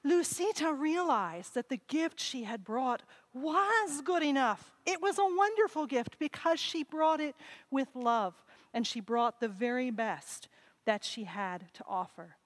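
A woman telling a legend to children during a church service, expressive and inviting them to join in. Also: high-pitched, a little slow, rough recording. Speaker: children's sermon storyteller. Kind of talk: telling a story to children in worship. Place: church sanctuary.

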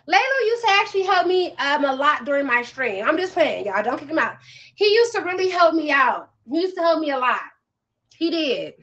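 A young woman, hosting a casual livestream, loud, brash and joking with viewers. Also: very high voice, lo-fi sound. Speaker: livestream host.

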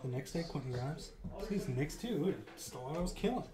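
A man's voice: on the high side, lively intonation, normal speed. A man chiming in with casual banter from away from the mic. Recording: echoey room from off-mic with crowd.

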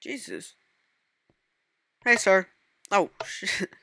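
A man talks through his gameplay in a bright, tense voice, recorded dry and up close. He mutters to himself and breaks into sudden startled outbursts. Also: fairly high pitch, unhurried, no room sound. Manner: excitable self-talk with sudden startled outbursts. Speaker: gaming channel host. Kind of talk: casual gameplay commentary.

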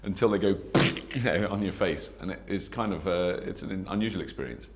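A man's voice: low voice, a little fast. A man, an actor in an interview, telling chatty, self-mocking stories. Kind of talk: anecdotal interview.

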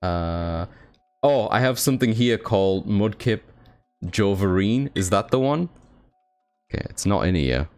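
A man's voice: fairly low pitch, expressive, unhurried, long pauses, darkish tone, smooth, faint music behind. British man chatting on his live stream. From Britain. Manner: chatty, swears, reads chat aloud. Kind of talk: casual live-stream chat.

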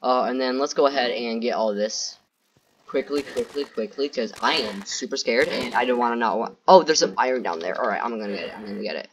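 A man's voice: medium pitch, animated, brisk, slight background noise. A man doing gameplay commentary who rambles nervously, repeats himself and keeps talking to his viewers. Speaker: gaming YouTuber.

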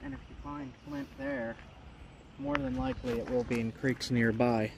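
Male outdoor vlogger, middle pitch, chatty and eager, noisy creekside camera audio. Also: moderate pace, vocal fry. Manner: excitable, chatty, often laughing. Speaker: flint knapping vlogger. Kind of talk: casual outdoor vlog narration. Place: outdoors along a wooded creek.

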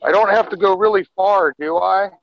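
A man's voice: sits high, fairly even intonation, a little fast, vocal fry, dull audio, noisy background. A father chatting playfully with his daughter on a phone video, grumbling dramatically. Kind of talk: casual family vlog chat. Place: family home, stepping outside into snow at night. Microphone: handheld phone camera.

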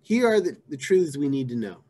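Man, pastor, sermon, conversational, repeats himself, fairly high voice. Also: sing-song, moderate pace. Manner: conversational, repeats phrases, shifts from hushed to emphatic.

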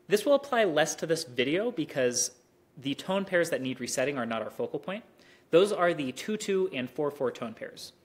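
A man's voice: fairly high pitch, fairly bright tone. Man teaching Mandarin tones. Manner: slow, drawn-out syllable drills with pauses. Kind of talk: instructional explanation and drills.

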